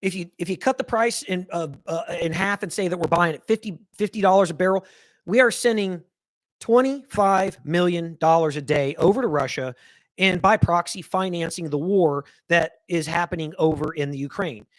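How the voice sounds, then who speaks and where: A man's voice: sits high, moderate pace, dry recording. A man hosting a live political talk show, ranting heatedly with profanity and repeated phrases. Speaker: podcast host.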